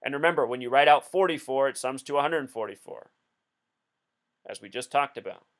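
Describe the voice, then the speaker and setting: A man's voice: medium pitch, a little fast, a bit bright. A man hosting a video, talking through a casual commentary in an insistent, explanatory way. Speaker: video host.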